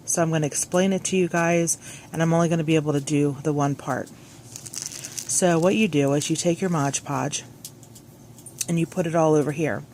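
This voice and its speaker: A woman's voice: low voice, steady tone, normal speed, long pauses, a little mellow, slight background noise. A woman talking through a DIY craft on her phone camera, chatty and scattered, often correcting herself. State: a little out of breath at the start. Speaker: crafting vlogger. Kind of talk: rambling crafting tutorial. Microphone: phone clipped on, hands-free.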